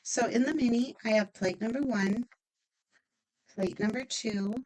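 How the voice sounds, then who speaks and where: A woman's voice: on the high side, unhurried, a little mellow, slight background noise, low-quality recording. A woman demonstrating a stamping craft project, chatty and upbeat, thinking aloud as she works.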